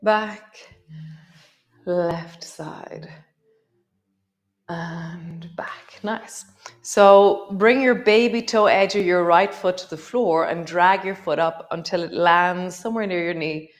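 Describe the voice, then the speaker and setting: A middle-aged woman guiding a yoga class with gentle, unhurried cues and soft laughs. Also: fairly low pitch, fairly even intonation. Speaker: yoga teacher. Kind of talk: guided yoga class instruction.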